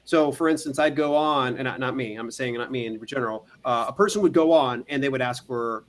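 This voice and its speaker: A man's voice: mid-range voice, a little fast, hardly any pauses. A man co-hosting a casual business podcast, explaining at length with restarts and playful asides. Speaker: podcast co-host.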